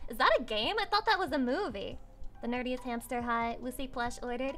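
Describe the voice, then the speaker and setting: A woman livestreamer chatting casually with her viewers, excitable and swearing freely. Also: fairly high pitch, normal speed, soft background music. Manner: excitable and swearing, with squeals and laughs.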